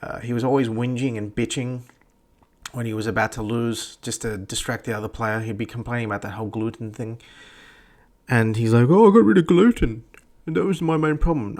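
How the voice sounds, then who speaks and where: A man's voice: lowish voice, little pitch movement, brisk. A man hosting a podcast, ranting bluntly and profanely in a rambling way. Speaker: podcast host. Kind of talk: profane opinion rant.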